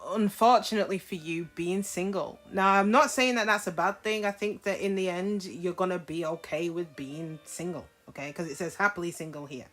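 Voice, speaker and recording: A woman's voice: on the low side, moderate pace, few pauses, fairly bright tone, faint music behind. Chatty woman reading tarot cards. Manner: chatty, frank, checks in with "okay?". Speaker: tarot reader. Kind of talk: casual tarot reading to camera.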